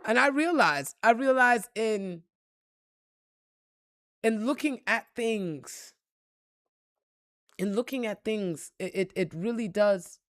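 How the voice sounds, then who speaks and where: A woman giving a blunt, profane motivational monologue, repeating phrases and swinging between loud outbursts and low, reflective tones. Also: animated, slow pace, pauses often, dry recording, studio quality. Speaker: spiritual reader and motivational vlogger.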